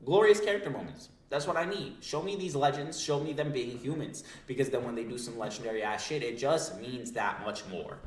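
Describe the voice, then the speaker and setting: A man's voice: mid-range voice, a little fast, few pauses, a little hiss or hum. A young man hosting a manga breakdown, with hyped, profane, slangy commentary. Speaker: manga breakdown video host. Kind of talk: excited, profane, casual commentary. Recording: echoey room.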